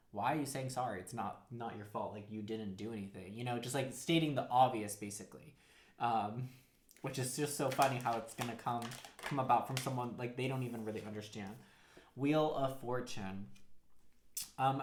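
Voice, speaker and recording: A man's voice: mid-range voice, echoey room. A man giving a casual, rambling tarot card reading, full of fillers and acted-out quotes. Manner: rambling, heavy use of "like", acts out quotes. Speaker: tarot reader.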